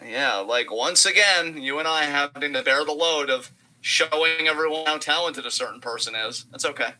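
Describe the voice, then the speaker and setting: Bright sharp guy doing sarcastic fake wrestling commentary, casual stream chat. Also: fairly high pitch, moderate pace, low-quality recording. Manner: mock commentary, sarcastic hype. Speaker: co-host of a wrestling watch-along. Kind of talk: casual live reaction chat.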